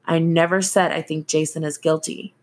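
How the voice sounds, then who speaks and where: Woman voicing a gentle male ex-cop. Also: low voice, moderate pace. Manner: soft, steady, coaxing.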